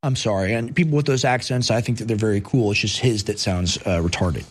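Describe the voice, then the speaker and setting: A man's voice: medium pitch, sing-song, fast talker, hardly any pauses, a little mellow. A man hosting a political commentary show, combative and mocking as he reads posts and answers them. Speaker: show host.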